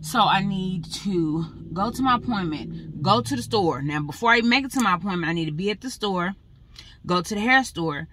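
A woman's voice: medium pitch, animated, moderate pace, fairly bright tone, slight background noise. A young pregnant woman chatting casually to her vlog viewers, saying "y'all" and running through her busy day. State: out of breath. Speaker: vlogger.

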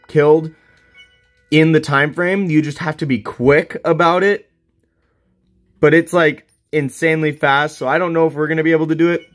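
Chatty man playing a video game. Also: a little high. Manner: chatty, laughs, talks to viewers. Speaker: let's play host. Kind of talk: casual game commentary.

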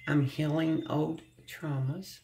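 Slow, gravelly-voiced tarot reader humming softly. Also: mid-range voice, flat delivery, slight background noise. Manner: slow, gentle, often humming and sighing; speaks with emotion, close to tears at times. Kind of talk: channeled tarot reading to viewers.

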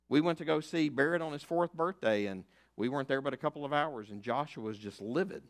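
An older man, preaching a sermon as pastor, emphatic and fiery, rising to loud declarations and dropping to hushed asides. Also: on the high side, animated, brisk. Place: church sanctuary.

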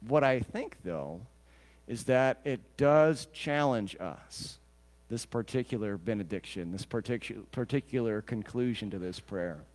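A man's voice: on the low side, animated, unhurried, a little mellow, in a large hall. A male pastor preaching a sermon in a conversational way, with joking asides and questions to the congregation.

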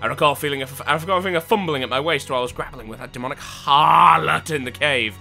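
A man reading aloud the lines of a courteous, formal samurai lord in a video game, in a low, measured voice. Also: creaky, sharp tone, soft background music, heavily acted. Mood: earnest pleading.

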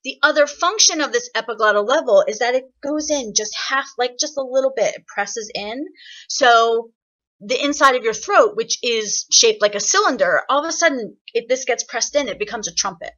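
Woman, singing teacher, online voice lesson, chatty and encouraging, fairly high voice, dull video call sound. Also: moderate pace. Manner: chatty, encouraging, explains with lively examples. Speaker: singing workshop instructor.

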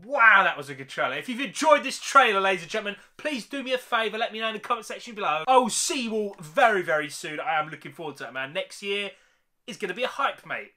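A British man hosting an excited, slangy reaction commentary, calling his viewers mate again and again. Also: sits high, quick pace. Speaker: YouTube reaction host.

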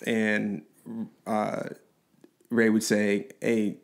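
Animated man telling a personal story. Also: on the low side, moderate pace. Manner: animated, laughing, quotes people in voices. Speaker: podcast guest.

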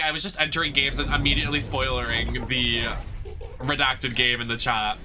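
Young man, streamer, very bright tone, playful sassy chatter, casual swearing, light background hiss. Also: mid-range voice, level tone, a little fast. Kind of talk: casual chat while playing a game.

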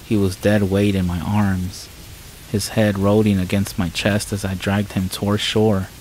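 Over soft, faint rain, a low-voiced man narrates a scripted horror tale in the first person, somber and measured with an even, flat delivery. The recording is low quality, with slight hiss or hum.

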